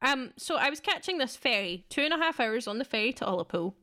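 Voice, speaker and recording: Young Scottish female co-host, higher voice, chatty, quick to laugh. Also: big pitch swings, bright, forceful tone. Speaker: podcast co-host. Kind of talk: casual storytelling chat.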